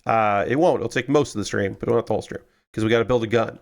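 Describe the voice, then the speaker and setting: A tired man hosting a casual model-building live stream, rambling in a relaxed way with lots of filler words and restarts. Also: on the low side, fast, gravelly. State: tired, yawning.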